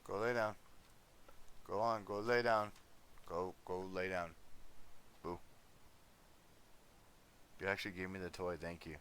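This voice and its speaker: A man's voice: deep voice, level tone, measured pace, pauses often, a bit bright, a little hiss or hum. A male livestreamer chatting casually, easygoing, coaxing and scolding his dog between music talk.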